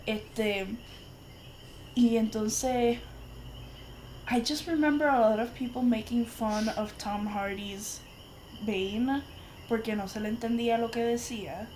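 A woman's voice: on the high side, measured pace, long pauses, poor audio. A woman co-hosting a casual podcast chat, switching between English and Spanish mid-sentence and telling stories with frequent laughter. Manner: animated storyteller, laughs often. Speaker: podcast co-host. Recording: faint background noise.

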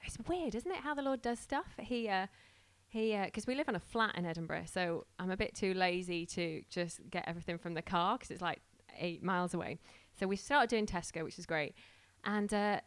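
A woman's voice: medium pitch, a little fast, hardly any pauses, clean tone, no echo. A woman who is starting a church tells a casual, laughing story and acts out the voices of the people in it. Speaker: church planter sharing a story.

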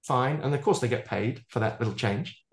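A man's voice: mid-range voice, a little fast, a little mellow. A man talking as a futurist guest in a casual interview, piling up examples and joking about how he says words. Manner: expansive, piles up examples, jokes about his own pronunciation. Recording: roomy echo.

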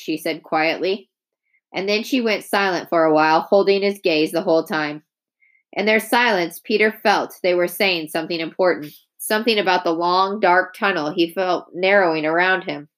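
A woman reading a chapter of a novel aloud in a calm, even storytelling manner. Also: on the low side, moderate pace. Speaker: audiobook reader.

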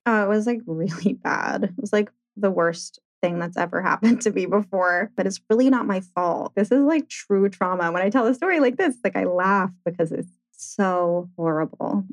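A woman's voice: mid-range voice, lively intonation, normal speed, hardly any pauses, no echo. A woman co-hosting a podcast in casual chat, filling her talk with "like" and laughing as she tells grim stories. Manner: chatty, laughs while telling grim stories, heavy "like" filler. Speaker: podcast co-host.

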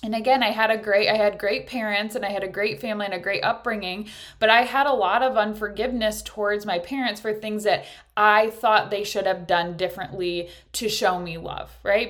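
A woman's voice: medium pitch, a bit bright. A woman in her thirties with children, hosting a casual spiritual talk in a candid, earnest way and swearing now and then. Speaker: podcast host.

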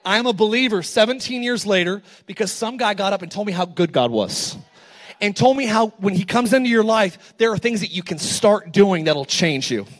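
High-voiced energetic male preacher. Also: moderate pace. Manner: energetic storytelling preacher, rising to loud emphatic calls. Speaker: pastor. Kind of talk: sermon.

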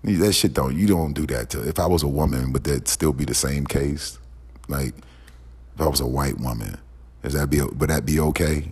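A man's voice: a bass voice, normal speed, darkish tone, husky. A man delivering a heated, profane, repetitive rant as a podcast host. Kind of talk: angry ranting monologue. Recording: long echoing reverb.

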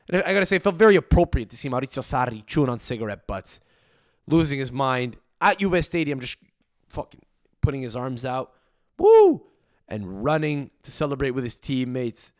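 A man hosting a podcast alone, ranting in a profane, rambling way with sudden jumps up in pitch. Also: no echo, clean studio sound. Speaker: podcast host. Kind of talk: solo ranting podcast monologue.

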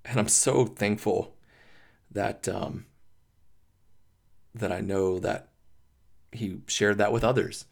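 A man hosting a podcast, talking through grief in a halting, emotional monologue, swearing and restarting often. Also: on the low side, fairly even intonation, vocal fry. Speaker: podcast host. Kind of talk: personal reflective monologue.

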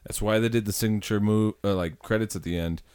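Male podcast co-host, lowish voice, rambling casual talk. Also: fairly even intonation, fast, a little mellow, smooth. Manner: rambling, thinks aloud with restarts. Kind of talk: casual chat.

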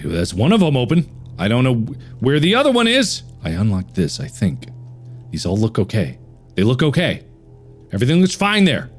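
A man with a lowish voice narrates his own horror game session, swinging widely in pitch as he jumps from mutters to yelps. He talks to himself and swears freely, with faint game music running underneath. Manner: jumpy, talks to himself, frequent swearing and frantic repeats. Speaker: gaming channel host. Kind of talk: horror game let's play commentary.

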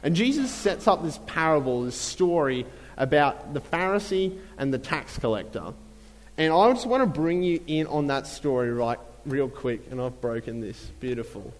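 A man preaching a sermon in a relaxed, conversational way, with many fillers and repeated phrases. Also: a little high, normal speed, in a large hall, low-quality recording. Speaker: pastor.

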